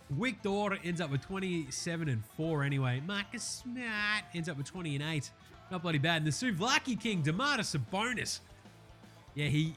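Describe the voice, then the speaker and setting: A young Australian man hosting a basketball recap show, chatting casually with lots of swearing and jokes. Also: fairly high pitch. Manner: profane, joking, excitable banter. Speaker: basketball podcast host.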